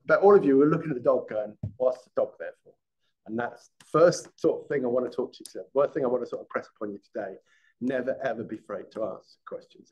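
Halting middle-aged male lecturer. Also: mid-range voice, a little mellow, husky, dull audio. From England. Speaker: guest lecturer, former police detective. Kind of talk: live classroom lecture.

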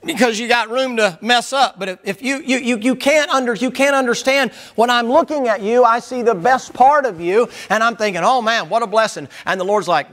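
High, bright-voiced preacher man. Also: fairly quick, hardly any pauses. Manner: loud, emphatic, hollering at times. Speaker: pastor. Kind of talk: sermon.

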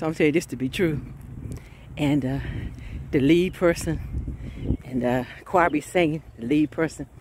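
A woman preaching an informal sermon, fervent and chatty, often breaking into laughs and shouted exclamations. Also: deep voice, a little hiss or hum.

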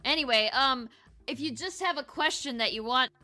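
Woman, casual chat, breezy, bright voice, slightly high, faint music behind. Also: moderate pace. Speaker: co-host reading viewer questions.

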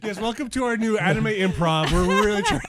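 Um homem coapresentador numa conversa informal e brincalhona antes de uma transmissão. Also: male voice, high voice, expressive, brisk, a loud crowd. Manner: joking, laughs often. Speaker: co-host. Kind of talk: casual pre-show chat.

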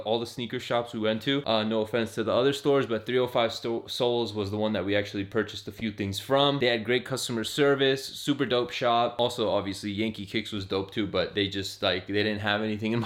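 An upbeat young man talks casually to his camera, hyped as he shows off his latest pickups. His voice sits in a middle pitch, relaxed and conversational. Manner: upbeat, casual, hyped about sneakers and streetwear. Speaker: vlogger showing shopping pickups. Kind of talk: casual vlog talk to camera.

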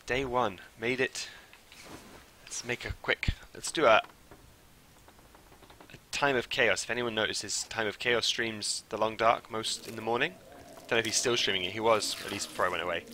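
A young man streaming a game live, who swings from mumbled asides to loud, panicky shouts. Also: lowish voice, moderate pace. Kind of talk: live gameplay commentary.

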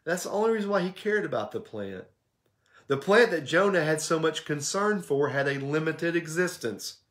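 Guy teaching bible study at church, chatty, keeps asking okay? right?, voice sits a bit high. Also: normal speed. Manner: conversational, checks in with "okay?" and "right?"; animated, acts out quotes with shifts in pitch.

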